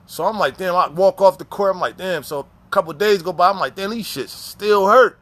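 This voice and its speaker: Slangy, animated man telling stories. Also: sits high, quick pace. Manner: animated, profane slang, frequent restarts and repeats. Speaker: former inmate telling prison stories. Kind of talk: casual storytelling.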